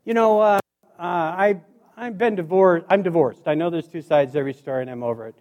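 A man from Montana with a high voice delivers a joking motivational speech to a live crowd. He is middle-aged and tells stories with sound effects and quick asides. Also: a little mellow, lo-fi sound. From Montana, USA. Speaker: motivational speaker. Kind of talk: humorous keynote speech. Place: stage before a live audience.

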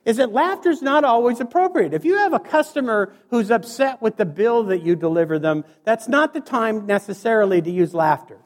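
A man's voice: high-pitched, lively intonation, brisk, hardly any pauses. A middle-aged man from Montana giving a humorous motivational talk to a live audience, joking and acting out his stories. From Montana, USA. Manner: joking, acts out stories with sound effects. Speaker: motivational speaker. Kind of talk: humorous keynote speech. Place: stage before a live audience.

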